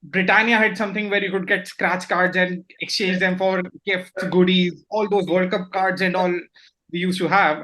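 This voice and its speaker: Bright, high-voiced Indian man chatting. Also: poor audio. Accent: Indian English. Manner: animated, repeats words when starting sentences. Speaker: podcast co-host. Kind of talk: casual chat.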